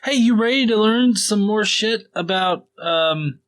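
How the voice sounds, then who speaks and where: A man's voice: sits high, measured pace, a bit bright. A man hosting a podcast, recapping the Bible in a casual, profane and sarcastic way, rambling with fillers. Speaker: podcast host.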